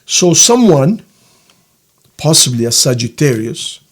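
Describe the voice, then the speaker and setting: A man giving a casual tarot reading, rambling and halting, now and then voicing quoted feelings in a hushed, soft tone. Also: medium pitch, big pitch swings. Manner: rambling, halting, searches for words. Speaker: tarot reader.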